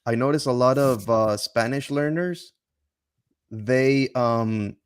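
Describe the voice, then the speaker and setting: A man's voice: medium pitch, slow pace, clean tone. An easygoing man in a casual chat who often reacts with short interjections.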